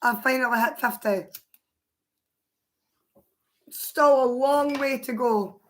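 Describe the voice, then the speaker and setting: A Scottish woman speaks in a fairly high voice that has gone hoarse and worn. She chats casually on a livestream, answering her viewers' comments aloud as they come in. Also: takes it slowly, fairly bright tone.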